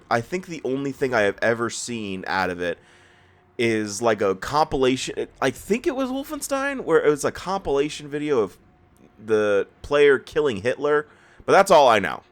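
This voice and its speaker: A tired man just out of bed, rambling and stammering through casual gameplay commentary as a let's play host. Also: mid-range voice. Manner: rambling, self-deprecating, stammers and laughs.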